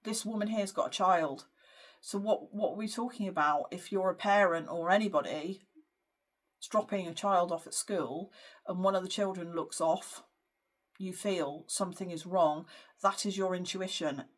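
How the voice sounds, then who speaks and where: A woman's voice: fairly low pitch, moderate pace. A woman psychic giving a spiritual card reading to camera, speaking earnestly and hesitantly with frequent fillers. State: emotional at times. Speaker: psychic medium.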